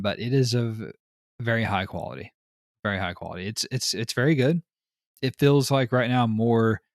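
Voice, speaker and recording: A man hosting a podcast, telling stories in casual chat with an animated, rambling manner. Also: mid-range voice, dry recording, studio quality. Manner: animated storyteller, frequent fillers. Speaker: podcast host.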